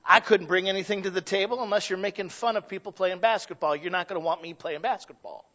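High, bright-voiced man preaching. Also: quick pace, muffled recording. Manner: conversational, addresses the congregation directly, acts out quoted people. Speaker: pastor. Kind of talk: folksy sermon.

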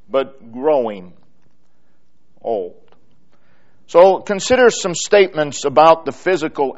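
A man preaching a sermon, reading scripture aloud with slow, deliberate pauses and emphatic repetition. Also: on the high side. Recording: dull lo-fi sermon recording.

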